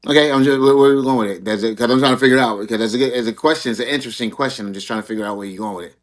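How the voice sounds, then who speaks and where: A man's voice: medium pitch, racing. A man hosting a casual online panel discussion, rambling, repeating words and laughing at himself. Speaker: show host.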